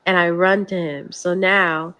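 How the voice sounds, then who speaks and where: A woman's voice: lowish voice, fairly even intonation, unhurried, bright, forceful tone. A woman, a mother, telling a casual story in a clip, full of "like" fillers. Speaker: young mother.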